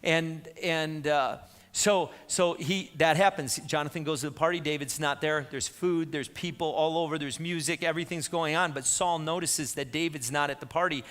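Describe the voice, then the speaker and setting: A man's voice: on the high side, fairly even intonation, normal speed, few pauses, a bit bright, long reverb tail. A man preaching a sermon as pastor, in an emphatic, conversational way with asides to the congregation. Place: church sanctuary.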